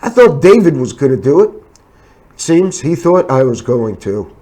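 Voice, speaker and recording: A man's voice: mid-range voice, sing-song, moderate pace, dark tone, husky. A man hosting a casual talk show, telling anecdotes in a laid-back way. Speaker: show host.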